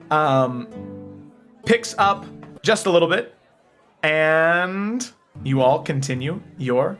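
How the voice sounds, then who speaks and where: A man narrating a tabletop game as game master, telling the scene with lively hesitations. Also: on the high side. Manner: lively storytelling with hesitant fillers.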